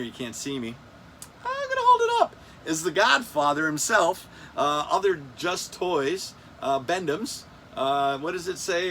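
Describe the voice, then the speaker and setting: A man's voice: fairly high pitch, fairly bright tone, a little hiss or hum. A man in his fifties hosting a casual toy countdown, rambling, joking at himself and losing his place. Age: 50s. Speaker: toy collector host. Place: air-conditioned room.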